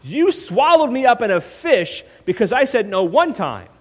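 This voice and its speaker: A man's voice: very high-pitched, very animated, normal speed, voice pushed up, heavily acted. A man voicing an angry adult male prophet who complains in a sarcastic, exasperated tone, heard in a reverberant hall.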